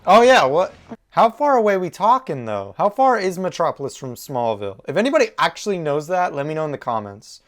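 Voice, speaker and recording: His voice is fairly high and a bit bright, swinging widely in pitch as he talks briskly through a TV reaction video. The young host exclaims emotionally and chats straight to his viewers, with quiet music from the show in the background.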